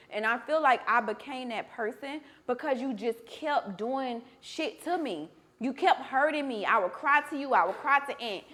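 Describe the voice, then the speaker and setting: A young woman with a fairly high voice speaks bluntly and openly as a show host. She talks with raw emotion and does not hold back from swearing, in a candid sit-down conversation. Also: lively intonation, normal speed, hardly any pauses, fairly bright tone. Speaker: podcast host. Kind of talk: candid conversation over a meal.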